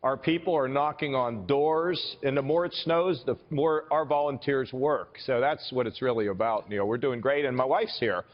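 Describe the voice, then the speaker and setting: A man's voice: mid-range voice, normal speed, few pauses. A man in his sixties from Ohio, a political candidate speaking upbeat and insistent in a remote TV interview, often saying the interviewer's name. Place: outdoors in snowy weather. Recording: dull lo-fi broadcast feed with long reverb.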